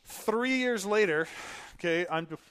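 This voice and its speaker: A man's voice: sits high, measured pace, a bit bright, clean tone, no room sound. Laughing man telling service stories. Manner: laughs often while telling stories, acts out dialogue. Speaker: podcast guest, Air Force veteran. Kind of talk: casual storytelling.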